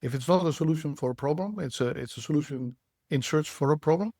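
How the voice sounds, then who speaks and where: A man, a guest on a podcast, speaking in a measured, reflective way with frequent restarts. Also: fairly high pitch, darkish tone, no room sound, clean studio sound. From Netherlands. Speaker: guest, startup CEO. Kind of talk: podcast interview.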